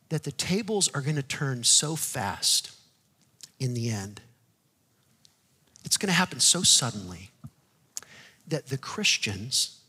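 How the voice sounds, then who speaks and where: A male pastor preaching a sermon in a conversational way, moving from hushed, quiet asides to loud, fervent declarations. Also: medium pitch, breathy edge, big-room sound. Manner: conversational, with restarts and "like" fillers.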